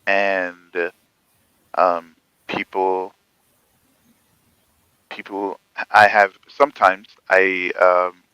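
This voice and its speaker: A man in a casual panel chat, talking in a halting, rambling way with many pauses. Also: deep voice, little pitch movement, pushed and bright, smooth, no echo, rough recording.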